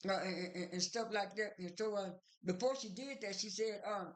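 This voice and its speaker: A vlogger talks through a reality show episode in a loose, unscripted monologue. The voice sits at a middle pitch. Sentences stall on fillers, restart and pile up with "and then.". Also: normal speed, hardly any pauses. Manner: rambling, many fillers and restarts; strings events together with "and then". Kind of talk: casual retelling monologue.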